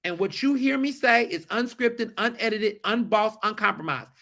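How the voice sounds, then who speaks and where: A man talking as a podcast guest in casual chat, emphatic and animated, repeating points for effect. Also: high-pitched, normal speed, creaky.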